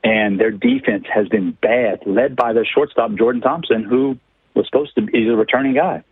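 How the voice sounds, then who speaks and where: A man's voice: medium pitch, normal speed, breathy edge, no echo. A man from south Louisiana with a Cajun accent, a radio guest talking baseball in a folksy, joking way over a phone line. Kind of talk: casual chat on a call-in.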